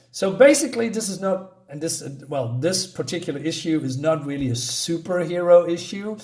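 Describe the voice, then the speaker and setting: A man's voice: a little high, darkish tone. A man casually recapping a comic book issue, reading out the characters' lines, with lots of fillers and a way of talking. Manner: retells the plot, reads out character lines with many fillers and laughs.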